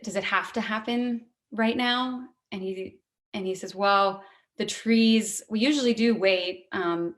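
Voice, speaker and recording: A woman telling a true personal story at a live storytelling event, in a candid, conversational and heartfelt way. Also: medium pitch.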